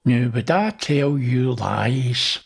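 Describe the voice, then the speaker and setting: A man's voice: mid-range voice, expressive, slow, vocal fry, husky. A man hosting, casually talking through images and pointing things out. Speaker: host. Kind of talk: casual narration over images.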